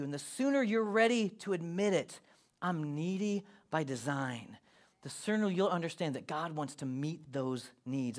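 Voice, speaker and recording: A man with a fairly high voice preaches in a relaxed, conversational way. He mixes jokes and teasing with emphatic encouragement. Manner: playful, joking, emphatic. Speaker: pastor. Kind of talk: casual sermon.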